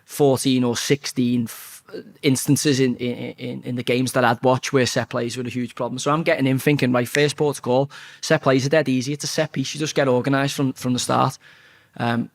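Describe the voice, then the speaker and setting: A man, telling a football story in a blunt, sweary, animated way during a casual interview. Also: medium pitch, fairly quick.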